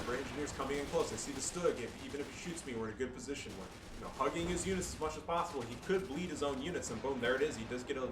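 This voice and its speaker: Man, casual game commentary, joking, mid-pitch, echoey room, distant mic, noisy background. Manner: joking, loose, swears, fillers like "you know". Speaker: gamer commentating own match. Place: home room with family around.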